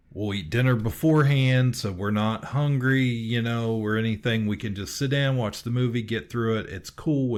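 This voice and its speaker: A man co-hosting a podcast, telling a long, rambling story in casual chat, full of fillers and restarts. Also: fairly low pitch. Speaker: podcast co-host.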